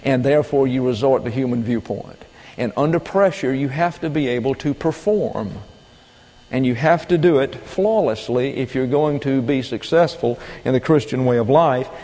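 A male pastor delivers a Bible lesson in a steady, lecturing way, often pausing with fillers and starting phrases over. His voice sits at an ordinary pitch for a man. The sound carries a long reverb, as if recorded in a large hall. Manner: measured, lecturing, with frequent fillers and restarts. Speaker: pastor teaching a Bible class. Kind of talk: sermon-style Bible teaching.

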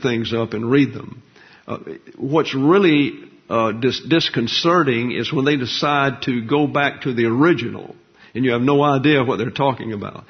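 A man's voice: medium pitch, slightly rough. A man preaching a Bible teaching sermon, digressive and folksy, explaining words with many fillers. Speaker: pastor. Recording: dull lo-fi recording.

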